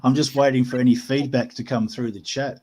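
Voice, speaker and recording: A man's voice: medium pitch, fairly even intonation, a little fast, over a noisy crowd. A man from New Zealand, a guest on a live chat panel, talking in a dry, polite, wry way. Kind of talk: casual chat.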